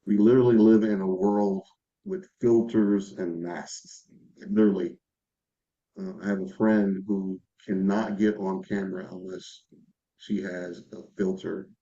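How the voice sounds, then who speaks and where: A man taking part in an online class over a video call, speaking in a halting, thoughtful way. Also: sits low, little pitch movement, mellow, lo-fi sound. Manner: halting, thoughtful, with fillers and restarts. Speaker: class participant.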